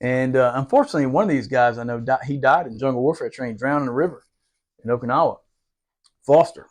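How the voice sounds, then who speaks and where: A man's voice: medium pitch, quick pace. A man in his forties, a Marine veteran hosting a podcast, telling stories in casual chat with lots of swearing and laughter. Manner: animated, profane, laughs often while telling stories.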